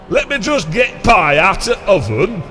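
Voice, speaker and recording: A man putting on a deep-voiced northern English male car streamer who drops his articles and drawls in a homely way. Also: sing-song, takes it slowly, pushed and bright, big-room sound, soft background music, full character voice. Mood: jokey. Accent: Northern English, put on.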